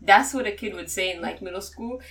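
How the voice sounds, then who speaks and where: A playful woman reads poll figures aloud and teases her co-hosts in a casual chat. Her mid-pitched voice comes from a little away from the mic. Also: fairly quick, a bit bright, distant mic, rough recording. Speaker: podcast co-host.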